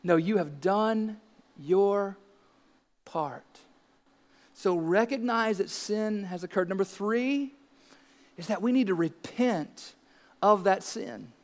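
A man's voice: high-pitched, slow pace, pauses often, in a large hall. A man in his thirties preaching a sermon as pastor, earnest and emphatic, asking rhetorical questions.

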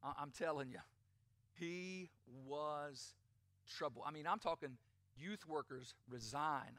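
A man's voice: on the high side, slow, bright, forceful tone, no room sound. A man preaching a sermon, emphatic, with a delivery that rises and falls. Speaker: pastor.

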